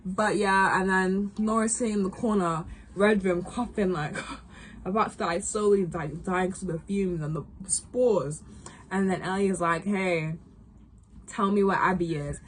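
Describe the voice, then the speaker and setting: A young woman in casual chat, rambling through a game recap with lots of fillers and quick asides. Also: medium pitch, steady tone, slight background noise. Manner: rambling, full of fillers and acted quotes. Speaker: gaming vlogger recapping a game.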